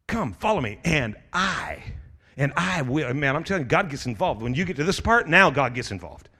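A middle-aged male pastor preaches with a high-pitched voice. He presses his listeners with urgent calls and builds to shouted exhortations. His tone is bright and forceful. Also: sing-song, moderate pace, breathy edge. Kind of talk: sermon.

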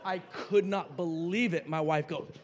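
A middle-aged male pastor from New Mexico telling a story in a sermon, playfully acting out voices and swinging from quiet asides to shouting. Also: fairly high pitch, a little slow, a faint crowd. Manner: playful, acts out voices in his stories.

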